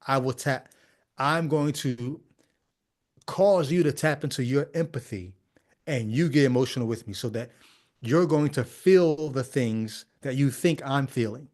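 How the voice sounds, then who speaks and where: Speaking a little slowly, a man with a medium-pitched, slightly mellow voice hosts a podcast. He critiques a video clip in a skeptical, chatty way, asking one rhetorical question after another.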